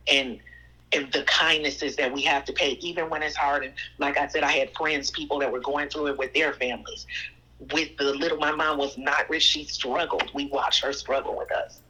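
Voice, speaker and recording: A woman's voice: deep voice, normal speed, breathy edge, low-quality recording. A woman guest telling personal stories in a conversational way, acting out other people's lines. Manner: animated, quotes people in voices. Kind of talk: conversational storytelling.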